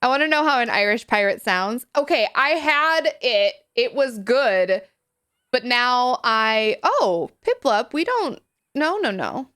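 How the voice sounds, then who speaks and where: A woman's voice: a little high, very animated, slow, a bit bright, smooth. A young woman streamer chatting casually while playing a game, in a chatty, self-deprecating, giggly way. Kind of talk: casual gameplay chat.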